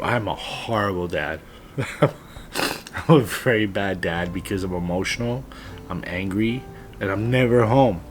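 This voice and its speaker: A man in his late thirties, a father giving heartfelt, earnest advice to other dads, sometimes blunt and swearing. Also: on the low side. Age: 30s. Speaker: father vlogger. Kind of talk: heartfelt personal monologue.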